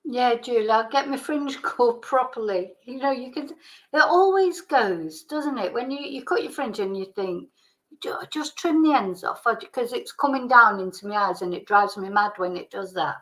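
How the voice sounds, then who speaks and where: A woman with a slightly high voice chats casually on a live stream. She rambles about small everyday things and warmly thanks viewers by name. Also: animated, normal speed, rough recording. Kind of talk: casual chat.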